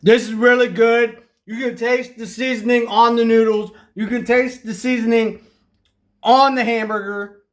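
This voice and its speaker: Man, high voice, casual cooking vlog host, chatty, talks to viewers. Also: steady tone, moderate pace. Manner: chatty, addresses viewers directly.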